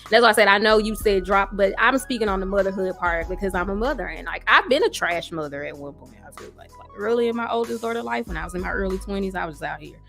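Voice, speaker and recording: A woman's voice: medium pitch, fast, gravelly, hardly any pauses, soft background music. A woman in her thirties, a podcast guest talking candidly in casual chat, full of filler words. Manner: animated, candid, lots of "like" fillers.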